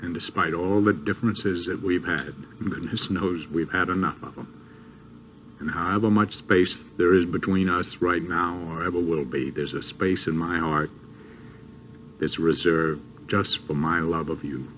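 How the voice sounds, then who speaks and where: A gentle, deep-voiced worried father. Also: fairly even intonation, measured pace, slight background noise. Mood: tender. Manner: gentle, hesitant, tender. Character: loving worried father of a grown daughter. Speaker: soap opera actor. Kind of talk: 1980s TV soap acting.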